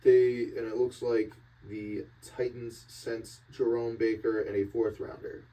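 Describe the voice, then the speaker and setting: A man co-hosting a casual sports podcast with a very dark, mellow tone and a laid-back, joking manner. His voice sounds a little away from the microphone. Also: medium pitch, little pitch movement, unhurried, far from the mic, slight background noise. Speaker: podcast co-host.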